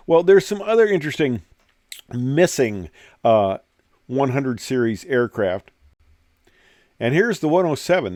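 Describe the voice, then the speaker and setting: A man's voice: mid-range voice, a little mellow, dry recording, studio quality. An older man and former pilot talks casually about old fighter planes, rambling with many "uh"s and restarts. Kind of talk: casual talk over pictures.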